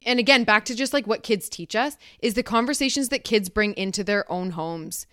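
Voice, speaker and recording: A woman's voice: medium pitch, fairly quick, dry recording, clean studio sound. Affirming woman hosting an interview. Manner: affirming, frequent soft backchannels. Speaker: podcast host. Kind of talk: casual interview conversation.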